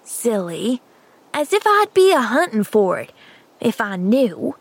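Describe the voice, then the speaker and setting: A woman's voice: on the high side, takes it slowly, dry recording. A woman voicing a scruffy, sulky ten-year-old orphan boy who mumbles grudgingly in rustic slang, for a storybook reading.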